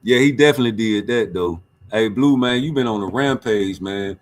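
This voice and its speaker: Hosting a boxing livestream, this man reads chat messages and swaps profane, joking banter in a lively, casual way. His voice is on the low side, and he speaks at a moderate pace.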